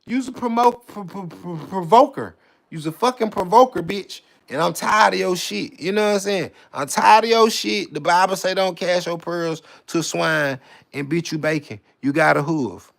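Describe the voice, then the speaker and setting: A man rants to camera in a profane, mocking vlog, repeating himself and tripping over words with swagger. His voice is high-pitched and gravelly, at a moderate pace.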